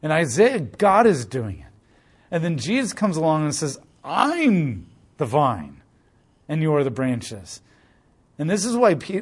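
A man teaching a casual Bible study, explaining passages conversationally with asides and frequent "like". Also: fairly high pitch.

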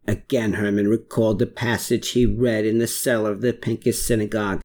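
An audiobook narrator reading a story chapter with expressive delivery. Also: mid-range voice, fairly quick, few pauses. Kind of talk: scripted narration.

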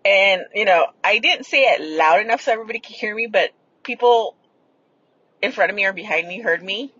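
A woman hosting a podcast tells stories casually and ramblingly, swearing freely. Her mid-range voice is a bit bright and slightly rough, a little fast, recorded with no room sound and the highs cut off.

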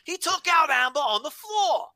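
A man putting on a mock Australian accent as an excited wrestling commentator. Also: moderate pace, dry recording, studio quality, heavily acted. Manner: shouting high-pitched play-by-play.

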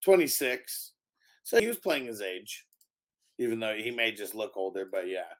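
A man co-hosting a podcast, casually retelling movie scenes in an animated way with frequent laughter. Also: fairly low pitch, moderate pace. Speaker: podcast co-host. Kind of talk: casual movie review chat.

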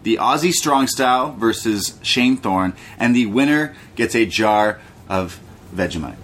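Laid-back, swearing young man, low voice. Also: animated, measured pace, a bit bright, a little hiss or hum. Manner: laid-back, profane, jokey, mimics people. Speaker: podcast co-host. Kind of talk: casual chat recapping wrestling.

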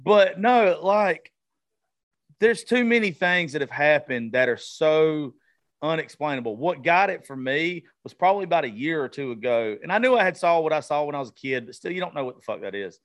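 A man's voice: on the high side, animated, moderate pace. A male podcast host in casual, profane chat, often stumbling and restarting his sentences.

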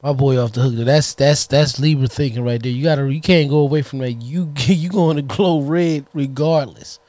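A man's voice: mid-range voice, normal speed, a little mellow, no room sound. A man co-hosting a podcast in casual banter, loose and slangy, laughing often. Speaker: podcast co-host.

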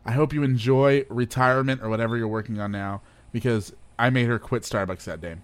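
A young man co-hosting a podcast, telling a story in casual chat, animated and often breaking into laughter. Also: medium pitch, fairly quick, clear, resonant tone. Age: young adult. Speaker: podcast co-host.

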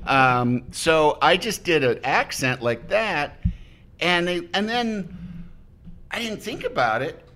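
Guy guesting on a podcast, rambling story, keeps restarting sentences, voice bounces all over, kinda bright. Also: sits high, sing-song, slow. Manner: rambling, self-interrupting storyteller who acts out quotes. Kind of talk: casual chat, telling an anecdote.

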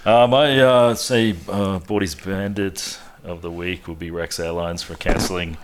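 A man co-hosting a podcast, talking in a halting, rambling way. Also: low-pitched, fairly even intonation. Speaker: podcast co-host. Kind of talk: casual banter.

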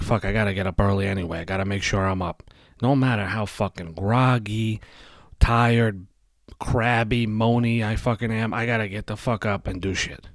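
A man hosting a solo podcast in a blunt, profane rant. His voice sits low, and he hammers his points with constant swearing. The podcast mic sound is dry and close, with no room echo. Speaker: podcast host.

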